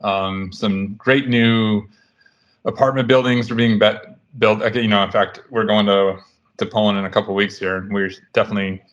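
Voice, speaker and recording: A man in his thirties hosting a casual podcast chat, relaxed and rambling with frequent restarts. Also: on the low side, normal speed, dull audio. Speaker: podcast host.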